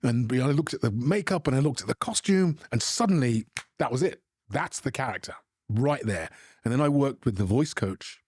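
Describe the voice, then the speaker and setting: A man's voice: medium pitch, animated, a little mellow, husky, no room sound, clean studio sound. A middle-aged British man from England, an actor answering interview questions in a reflective way with frequent restarts. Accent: British English. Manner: reflective, halting with repeated restarts. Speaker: actor guest.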